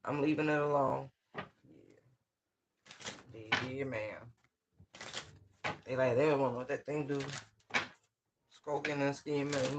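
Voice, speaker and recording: A man's voice: on the high side, creaky, noisy background. A man giving a casual, channeled tarot reading in loose, slangy, rambling talk full of fillers. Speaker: tarot reader.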